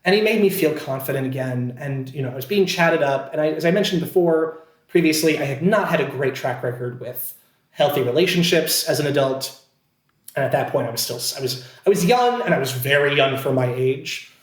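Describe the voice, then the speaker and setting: The voice here is a man's, on the high side, a little fast and lively in intonation. He's an actor from Scranton, Pennsylvania, USA, casually telling a story as a podcast guest, chatty and self-deprecating with lots of fillers and restarts, in a roomy, echoey recording.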